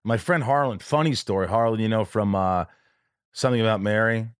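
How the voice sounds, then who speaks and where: A man's voice: fairly low pitch, a little fast, smooth, no room sound, clean studio sound. A male podcast host in casual chat, telling a personal story in an earnest, rambling and emotional way, with frequent restarts.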